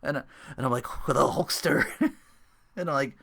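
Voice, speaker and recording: A man hosting a casual wrestling chat show, animated and laughing often as he acts out quotes. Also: mid-range voice, a little slow, vocal fry. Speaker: podcast host.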